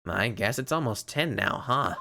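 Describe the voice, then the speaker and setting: A man's voice: medium pitch, expressive, normal speed, vocal fry, sharp tone, a little hiss or hum. A man reading as an earnest, jumpy young lawyer. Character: earnest young male lawyer, easily startled. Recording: game music behind.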